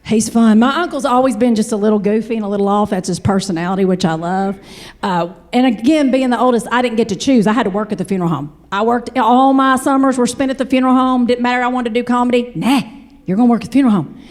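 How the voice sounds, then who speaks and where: A woman in her forties with a Kentucky accent, telling a stand-up story in a chatty, animated way and talking straight to the audience. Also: fairly high pitch, quick pace. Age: 40s. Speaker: comedian.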